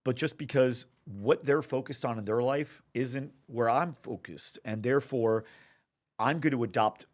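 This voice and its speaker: A middle-aged man, a guest author on a podcast, telling anecdotes with frequent restarts and rising excitement. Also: medium pitch, a little slow. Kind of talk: podcast interview storytelling.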